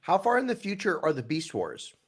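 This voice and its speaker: A man's voice: a little high, wildly swooping pitch, a little fast. A man co-hosting a casual podcast, chiming in with short reactions and questions. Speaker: podcast co-host.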